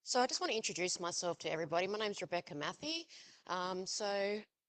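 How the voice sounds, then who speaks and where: A woman, a guest speaker sharing a personal testimony at a live event, halting with many ums and pauses and a little out of breath. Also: mid-range voice, very animated, fairly bright tone. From Australia.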